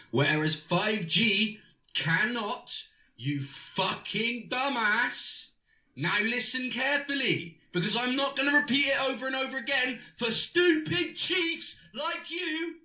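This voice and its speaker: A man putting on a high, furious ranting conspiracy crank. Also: echoey room, exaggerated voice, low-quality recording. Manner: abusive, sweary, shouting tirade. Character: furious male conspiracy theorist ranting in voice messages.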